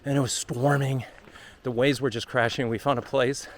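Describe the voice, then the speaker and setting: Out on a walking trail during a long walk, a man vlogs into a handheld phone, talking candidly, emotionally and ramblingly in a casual travel-vlog style. His voice is mid-range with fairly even intonation, and he speaks at a normal speed.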